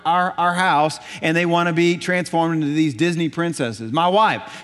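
A man's voice: high voice, a bit bright, big-room sound. A man in his thirties, a pastor preaching a folksy, storytelling sermon in a church. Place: church sanctuary.

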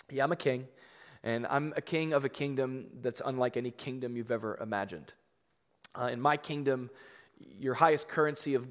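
Preaching man in an echoing hall. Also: mid-range voice. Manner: conversational, rising to emphatic points, frequent fillers. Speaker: pastor. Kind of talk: sermon. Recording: long echo of a large hall.

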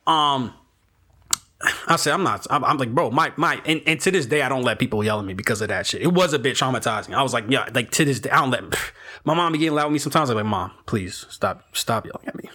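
A young man telling a rambling story among friends in a casual chat, animated and full of swearing and restarts. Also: medium pitch, quick pace.

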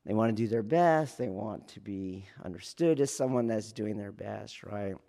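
A man, a police academy instructor, explaining training in a casual teaching talk, checking in often with his listeners and acting out loud shouts. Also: fairly low pitch, normal speed, gravelly. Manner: keeps checking in with "do you see?"; acts out trainees and yelling officers in sudden loud bursts.

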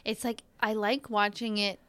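A woman's voice: medium pitch, little pitch movement, normal speed, a bit bright, smooth, no room sound. A young woman hosting a podcast, chatty, with plenty of filler words. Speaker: podcast host. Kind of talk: casual podcast chat.

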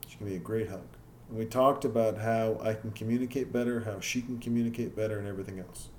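A man hosts a podcast in a casual monologue, speaking candidly and self-critically and swearing freely. His voice is lowish, fast, a little mellow, and fairly even in intonation. The room is echoey, with faint ambience and slight background noise.

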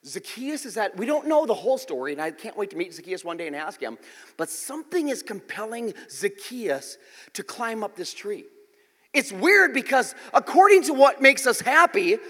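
High, animated male preacher in a reverberant hall. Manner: lively, joking, conversational preaching with frequent "okay?" check-ins. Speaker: pastor. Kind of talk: sermon. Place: church sanctuary.

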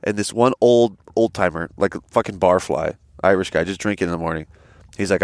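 A young man co-hosting a podcast in a dry, close-miked room. His voice sits a little low, but he bursts upward to act out what others said. He rambles through stories and swears freely. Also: brisk, dry recording. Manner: animated storyteller, swearing, acts out quotes. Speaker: podcast co-host. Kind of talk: casual chat. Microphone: headset.

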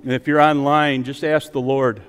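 A male pastor preaching a sermon in a church, rising to emphatic peaks and then dropping to a soft, quiet voice to lead prayer. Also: mid-range voice, little pitch movement, normal speed, smooth, in a large hall, soft background music. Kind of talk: sermon with altar call. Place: church sanctuary with online stream.

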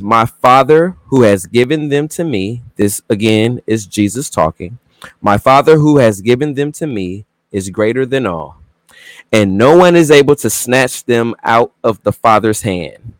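A man moderating a debate, measured and procedural, with frequent fillers as he announces scripture readings. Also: mid-range voice, no room sound, clean studio sound.

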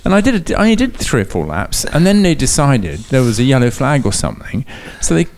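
Man, racing guest, tells a comic story; animated pitch, chuckles through it. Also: fast talker, crowd noise. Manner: laughing often, lively storyteller. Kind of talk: comic anecdote telling.

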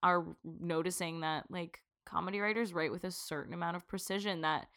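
A young woman co-hosting a podcast in casual chat, animated and swearing freely as she acts out quotes. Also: on the low side, fairly quick. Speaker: podcast co-host.

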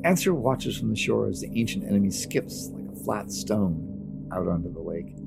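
A man narrates a novel in a steady, dramatic audiobook reading. His voice is low and strongly gravelly, with clear music playing beneath. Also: moderate pace.

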